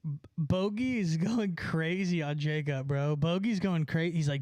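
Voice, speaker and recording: A man's voice: on the high side, unhurried, a little mellow, no room sound. A young man casually chatting on a live stream, laughing a lot and swearing as he mocks someone. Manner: laughing, mocking, profane.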